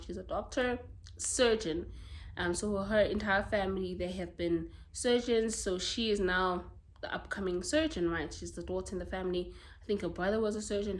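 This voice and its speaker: Chatty young woman from South Africa. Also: mid-range voice. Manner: chatty, gushing, dramatic asides. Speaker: book vlogger. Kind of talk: casual chat.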